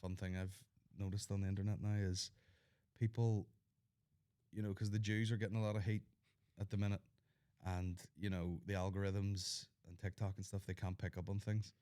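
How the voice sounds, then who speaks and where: A man's voice: low voice, little pitch movement, moderate pace, warm tone, clear, resonant tone. A man hosting a podcast, rambling through loose stories with lots of swearing, laughing at his own jokes. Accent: Northern Irish. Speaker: podcast host. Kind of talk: casual chat.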